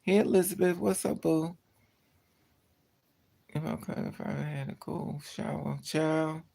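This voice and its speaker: A livestreamer talking straight to chat with a gravelly, fry-edged voice. The talk is blunt and heavy with swearing, and it often drifts and trails off from tiredness. This is loose, unscripted storytelling. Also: mid-range voice, measured pace, dark tone.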